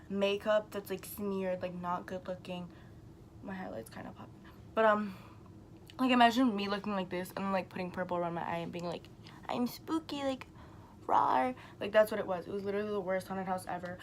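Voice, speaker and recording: A woman's voice: mid-range voice, a little hiss or hum, rough recording. A young woman chatting casually to her camera, telling a rambling story full of "like" and the odd swear.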